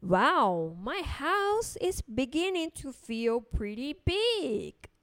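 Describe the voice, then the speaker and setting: Fields: Figure: fretful little old lady, read by a woman. Pitch: very high. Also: big pitch swings, a bit bright, no echo, clean studio sound, heavily acted. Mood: relieved, delighted. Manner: pleading, complaining, drawn-out sing-song.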